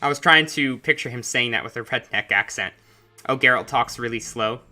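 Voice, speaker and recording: Bright-voiced man chatting over gameplay. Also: medium pitch, fairly quick. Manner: chatty, musing asides. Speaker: gameplay commentator. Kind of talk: casual let's-play commentary.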